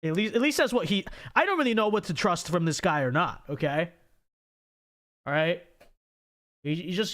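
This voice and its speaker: A man's voice: fairly high pitch, fairly bright tone. Stammering man hosting a livestream. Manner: stammering repeats, frequent tag "okay?". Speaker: livestream host. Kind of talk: casual livestream chat reading super chats.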